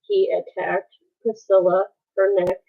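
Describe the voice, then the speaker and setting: A woman telling a painful story on a live stream, halting and pausing as she goes. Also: medium pitch, level tone, gravelly. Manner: halting, with many pauses and restarts. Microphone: phone. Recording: tinny phone-like sound.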